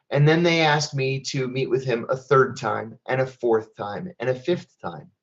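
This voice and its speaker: A middle-aged American man calmly telling a first-person story in a measured, plainspoken way, as a guest speaker at an online event. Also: mid-range voice, gravelly, highs cut off. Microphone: online event stream.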